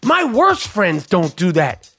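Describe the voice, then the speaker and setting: A man hosting a solo comedic podcast, ranting in a profane, animated, mock-outraged way. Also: sits high, slow pace, soft background music. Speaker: podcast host.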